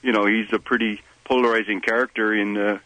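Rambling man, bright dry voice. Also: on the low side, level tone, brisk, dry recording, low-quality recording. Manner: rambling, lots of fillers. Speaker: guest playwright and songwriter. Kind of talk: radio interview.

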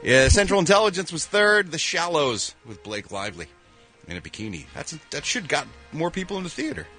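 A man from Philadelphia hosting a morning radio show, reading entertainment news in an animated, jokey way with quick voiced reactions. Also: a little high, soft background music. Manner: animated, jokey, with quick sound-effect interjections. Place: radio studio.

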